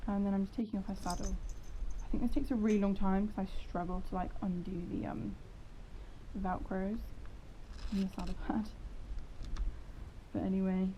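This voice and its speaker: A woman's voice: medium pitch, flat delivery, normal speed, long pauses, mellow. A woman casually narrating a horse-riding vlog in a chatty, rambling, self-deprecating way. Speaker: horse vlogger. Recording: dull lo-fi sound with faint noise.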